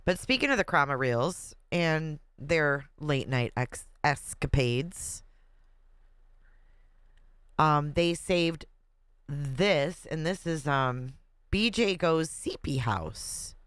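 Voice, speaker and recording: Chatty host with a smooth, dry voice. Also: medium pitch, animated, slow, a bit bright, dry recording. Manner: chatty, laughs often, reads comments aloud. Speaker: livestream host. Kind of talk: casual livestream chat reading viewer comments.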